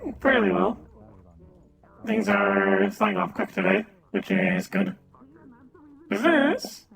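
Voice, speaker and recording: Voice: mid-range voice, lively intonation, slow pace, creaky, rough recording. A streamer in a game roleplay, speaking as an easygoing merchant with chatty, musing talk. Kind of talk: in-character roleplay chat. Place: online voice chat game world. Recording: busy crowd of players behind.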